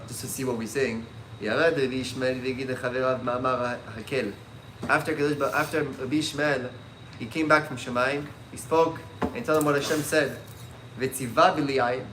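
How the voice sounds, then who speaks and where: A man teaching a religious class as a rabbi, telling stories in an animated way and mixing in Hebrew terms. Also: a little high, slight background noise. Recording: echoey room.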